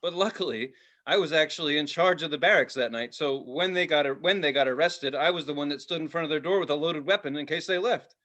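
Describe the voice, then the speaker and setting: Man, high voice, bright tone, casual storytelling, acts out voices, podcast co-host. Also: fast talker. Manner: animated, acts out the voices in his stories.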